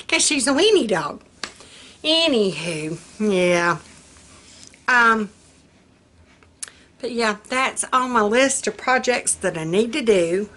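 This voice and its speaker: A woman's voice: mid-range voice, expressive, a little slow, pauses often, a bit bright. Giggly folksy woman vlogger. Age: older. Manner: giggly, folksy, laughs often at her own jokes. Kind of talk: casual chat to camera.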